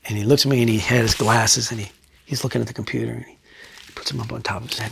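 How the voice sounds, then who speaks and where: A middle-aged man and retired state trooper, telling his story bluntly in a sit-down interview, swearing freely and pausing to reflect. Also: mid-range voice, steady tone, vocal fry, slight background noise. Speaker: retired state trooper and crime scene investigator.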